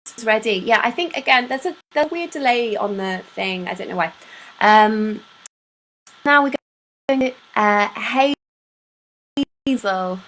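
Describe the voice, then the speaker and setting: A woman's voice: mid-range voice, expressive, unhurried, pauses often, a bit bright, low-quality recording. A woman hosting a live stream at home, chatting to viewers by name and reading poems aloud with playful emphasis. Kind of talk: casual chat and poetry reading.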